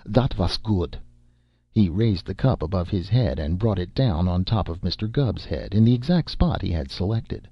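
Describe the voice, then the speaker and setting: Man narrating an audiobook, gravelly, dull lo-fi sound. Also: fairly low pitch, no room sound. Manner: steady, measured storytelling.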